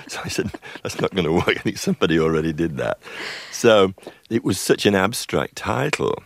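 A man's voice: deep voice, lively intonation, normal speed, creaky. An older man, a film composer being interviewed on radio, recalls the past in a rambling, chuckling way, often stopping to restart his sentences. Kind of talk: radio interview, anecdotal storytelling.

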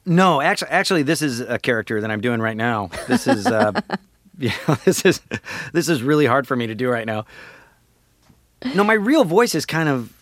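A man, a voice actor and comedian, talking in a casual interview with animated, jokey delivery and lots of filler words. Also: medium pitch, normal speed, dry recording, clean studio sound.

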